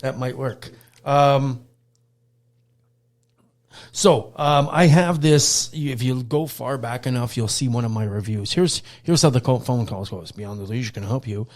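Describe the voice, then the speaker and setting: A man's voice: medium pitch, measured pace. Male podcast host, casual chat, rambling, lots of ums. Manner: rambling, loose, many fillers and restarts. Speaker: podcast host and dog trainer.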